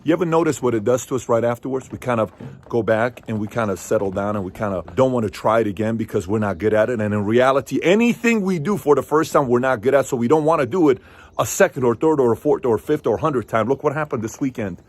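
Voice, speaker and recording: A man in his thirties, a show host, telling a personal story to camera in a casual, emphatic way with sudden loud peaks. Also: medium pitch, quick pace.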